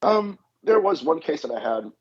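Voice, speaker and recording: A man's voice: a little high, big pitch swings, normal speed, slightly rough. A man, a guest demonologist, telling anecdotes in a podcast interview and acting out the dialogue with repeated "I said". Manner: anecdotal, acts out dialogue, frequent "I said". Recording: dull lo-fi audio.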